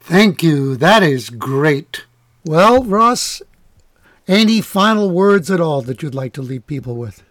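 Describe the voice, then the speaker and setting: A man from New York hosting an interview, asking questions in a warm, encouraging way. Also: on the high side, big pitch swings, slow pace, no echo, studio quality. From New York, USA. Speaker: podcast host. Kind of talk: interview conversation.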